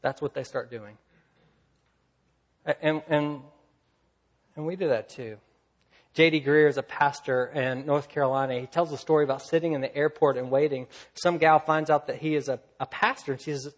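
A man preaching a sermon, swinging from loud, lively storytelling to quiet, low emphasis. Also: moderate pace. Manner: earnest preaching, rising loud in stories, dropping soft and low. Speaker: pastor.

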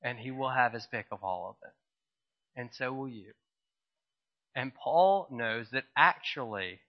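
A man's voice: medium pitch, lively intonation, takes it slowly, long pauses. Guy preaching a sermon like he's chatting, funny stories about himself, kinda muffled recording. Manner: conversational storytelling with self-deprecating humor. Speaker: pastor.

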